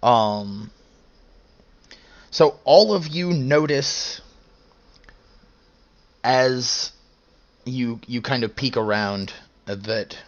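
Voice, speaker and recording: Young male game master, slow and halting delivery, mid-range voice, dull lo-fi sound. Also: mid-range voice. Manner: slow, hesitant, many fillers. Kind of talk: narrating a tabletop game.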